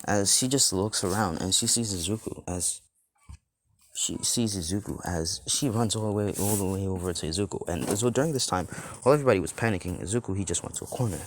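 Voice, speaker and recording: Brief: low-pitched male storyteller, loose and rambling, improvising a fan story. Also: fast talker, slight background noise. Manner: rambling, full of "like" and restarts. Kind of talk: improvised fan-fiction narration.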